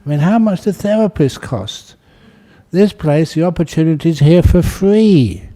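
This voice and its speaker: A man, a Buddhist monk, speaking calmly and gently to a meditation group, then guiding a meditation. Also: medium pitch. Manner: calm, unhurried, gently spoken. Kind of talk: talk and guided meditation. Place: meditation hall with an audience.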